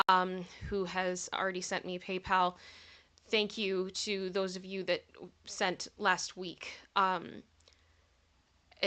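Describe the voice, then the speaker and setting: Bright-voiced woman hosting a livestream. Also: mid-range voice. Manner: chatty, thanks viewers by name, gets giggly. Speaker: livestream host. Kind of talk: casual livestream chat.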